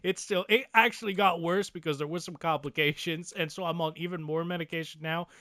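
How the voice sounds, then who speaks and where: Man, slurring speech, excitable game commentary, fairly high voice, dry close sound. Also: a little fast, no echo. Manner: excitable, hypes his team, swears casually. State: slurring speech after dental surgery. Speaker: gaming video creator. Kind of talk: casual gameplay commentary.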